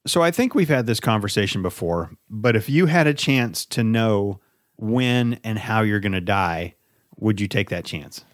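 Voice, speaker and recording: A man's voice: lowish voice, expressive, normal speed, no echo. Male co-host, easygoing movie chat, dry close sound, casual swearing. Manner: laid-back, chuckling, swears casually. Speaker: podcast co-host.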